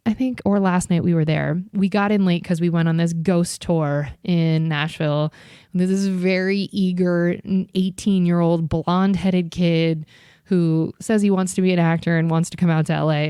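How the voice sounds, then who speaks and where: A woman's voice: on the low side, dark tone, smooth, no room sound, clean studio sound. A young adult woman hosting a podcast, telling a story in a chatty, candid way and swearing freely. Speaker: podcast host. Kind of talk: casual storytelling.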